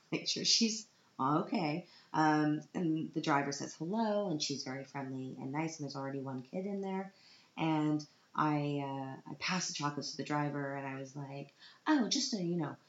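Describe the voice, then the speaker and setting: Low-voiced woman, tearful and dramatic. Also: moderate pace. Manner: dramatic, self-mocking, acts out quotes. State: tearful, on the verge of crying. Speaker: parent vlogger. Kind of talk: personal storytelling vlog. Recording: roomy, dull lo-fi sound.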